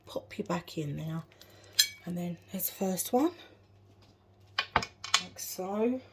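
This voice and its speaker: With a lowish, darkish voice and lively intonation, a woman takes her time narrating her home cooking for a vlog, laughing at her own moments. Kitchen clatter of dishes and cutlery fills the background.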